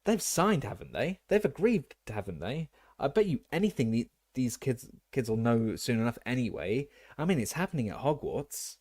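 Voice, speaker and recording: A man's voice: on the low side, animated, brisk, warm tone. A man voicing a jovial, careless middle-aged male sports official who speaks breezily and heartily. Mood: hearty.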